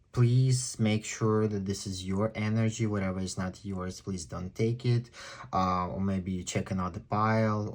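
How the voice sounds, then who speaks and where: A man with a non-native English accent giving a chatty, excitable pick-a-card tarot reading. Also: lowish voice. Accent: non-native English speaker. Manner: chatty, excitable, exclaims often. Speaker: tarot reader.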